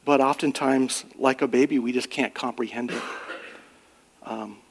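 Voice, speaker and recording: A man's voice: mid-range voice, steady tone, a little slow, vocal fry. A middle-aged man preaching a sermon in an earnest, conversational way, rising on emphatic questions and sharing personal stories. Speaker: pastor.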